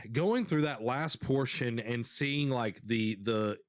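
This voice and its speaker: A man's voice: mid-range voice, slow pace, clear, resonant tone, dry recording, clean studio sound. A man co-hosting a casual gaming podcast, talking in a rambling, emotional way and repeating phrases. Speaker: podcast co-host.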